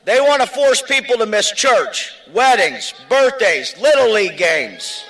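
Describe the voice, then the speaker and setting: Union man shouting at a rally. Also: very high voice, sing-song, unhurried, background noise. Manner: emphatic, shouted lists. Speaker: union member speaker. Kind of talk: outdoor rally speech. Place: outdoors at a rally.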